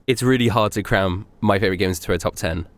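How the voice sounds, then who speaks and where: A man's voice: fairly low pitch, quick pace, no echo. A young man co-hosting a casual podcast chat, joking and rambling with many restarts. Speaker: podcast co-host.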